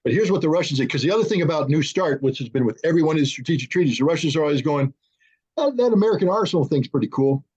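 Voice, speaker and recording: Animated man with a husky voice. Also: fairly high pitch, racing, hardly any pauses. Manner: animated, acts out both sides in quoted dialogue. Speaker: guest arms control analyst. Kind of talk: conversational panel talk. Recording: dull lo-fi remote audio.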